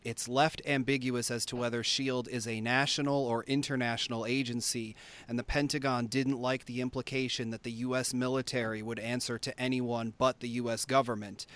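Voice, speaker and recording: A man hosting a casual podcast with a smooth, resonant voice. He talks things through thoughtfully, hedging with fillers as he goes. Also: mid-range voice, fairly bright tone. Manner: thoughtful, many fillers and hedges. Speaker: podcast host.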